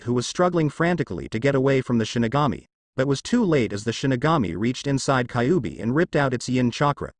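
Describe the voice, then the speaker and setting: A man narrating a fanfiction audiobook in an even storytelling read. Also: mid-range voice, no echo, clean studio sound.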